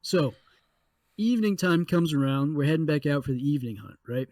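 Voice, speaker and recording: A young adult man co-hosting a podcast, telling a story in a casual, animated way with lots of swearing. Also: on the high side, fairly quick, no room sound. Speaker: podcast co-host.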